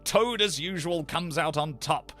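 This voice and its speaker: A man's voice: fairly high pitch, a little slow, fairly bright tone. A man voicing a boastful, reckless male toad disguised as a washerwoman, swaggering and gleeful in a storybook reading.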